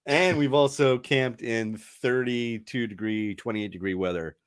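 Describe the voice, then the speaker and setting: A man's voice: medium pitch, unhurried, smooth. A middle-aged man hosting a casual podcast, chatty and rambling, laughing often and restarting his sentences. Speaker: radio host.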